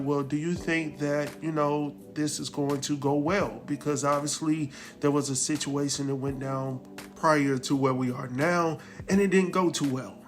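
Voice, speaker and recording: A man hosts a casual recap of a TV drama. He tells the story animatedly and acts out the characters' lines in a voice that sits a little on the high side. Faint music plays softly underneath. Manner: animated storytelling, acts out quotes, laughs often. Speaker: recap host.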